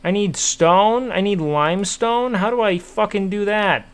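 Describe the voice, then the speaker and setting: Man, young adult, game streamer, profane trash talk, slightly high voice, smooth. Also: measured pace. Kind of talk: casual gameplay commentary.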